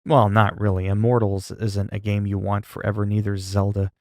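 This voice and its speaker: A man chatting casually with viewers on a live stream, calm and low-key, with a delivery some find sleepy. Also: no room sound, clean studio sound. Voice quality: sleepy-sounding, flat delivery. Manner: low-key, calm and unhurried, not hyped. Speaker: livestreamer.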